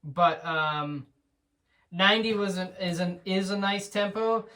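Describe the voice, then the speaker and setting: Slow, easygoing drum teacher, distant mic. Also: male voice, high-pitched. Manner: relaxed, encouraging, with many ums and restarts. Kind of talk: recorded feedback lesson. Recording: distant mic with faint noise.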